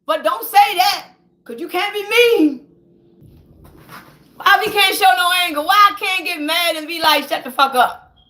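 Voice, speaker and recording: High, bright-voiced woman ranting hotly. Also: a little slow, long pauses. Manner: heated and preachy, stammers when worked up. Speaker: vlogger. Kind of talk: impassioned profane rant.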